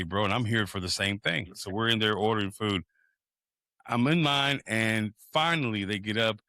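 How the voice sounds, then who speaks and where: Animated, swearing man. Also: on the low side, no room sound, studio quality. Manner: animated, profane, acts out quoted people. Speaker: podcast co-host. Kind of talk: casual storytelling chat.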